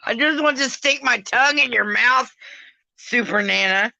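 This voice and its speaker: A lovestruck pet dog, all nose and tongue, eager for cuddles, as a woman speaks for him. The voice sits a little higher and is gravelly underneath, bright and close, with a sloppy, doting manner. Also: normal speed, no room sound, highs cut off, heavily acted. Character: affectionate pet dog, male, eager for hugs.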